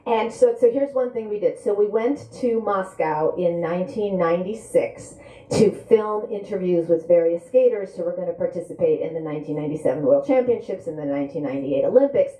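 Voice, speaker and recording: A middle-aged woman from the Soviet Union, an author telling lively, wry stories at a live bookstore event. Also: on the low side. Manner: lively, brisk storytelling with wry humor. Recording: echoey room at a live event.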